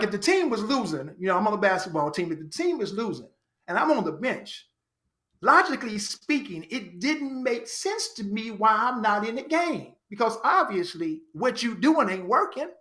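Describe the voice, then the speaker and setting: High-voiced man telling his story. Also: moderate pace. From Chicago, United States. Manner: earnest, animated storyteller who repeats phrases for emphasis. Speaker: podcast guest, actor and writer. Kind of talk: reflective personal storytelling.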